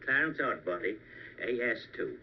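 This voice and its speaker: An actor playing a gentle, earnest male angel in an old film, heard on a dull film soundtrack. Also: mid-range voice, lively intonation, normal speed, a little hiss or hum, lightly acted.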